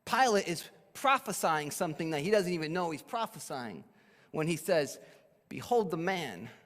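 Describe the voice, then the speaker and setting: A man preaching a sermon as pastor, emphatic and animated, dropping to a hush for weight. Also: on the high side, normal speed. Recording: echoey hall.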